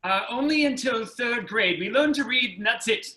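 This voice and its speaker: Deadpan improviser, bright voice, lively pitch, echoey room. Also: moderate pace. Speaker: improv performer. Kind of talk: improv comedy over video call.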